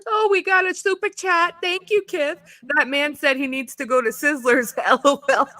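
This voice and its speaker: Woman, stream host, high-ish voice, giggly casual chatter, dry sound. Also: normal speed, no echo. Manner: giggly, excitable, lots of fillers. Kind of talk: casual chat.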